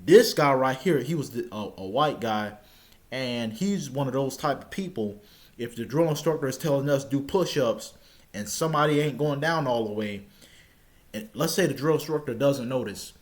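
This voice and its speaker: A young man casually telling a personal story, stammering now and then and shouting out the lines he quotes. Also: medium pitch, normal speed.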